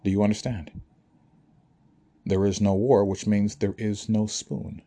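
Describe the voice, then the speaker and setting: A man's voice: fairly low pitch, little pitch movement, unhurried, dark tone. A man speaking to listeners in an emphatic, preachy monologue, often asking if they understand. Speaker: spiritual speaker. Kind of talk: motivational monologue to an audience.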